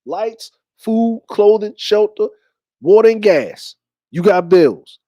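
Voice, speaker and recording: A woman's voice: medium pitch, expressive, takes it slowly, dark tone, no room sound, muffled recording. A man voicing a firm, practical mother who explains matter-of-factly where money goes. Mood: instructive. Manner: patient, matter-of-fact instruction.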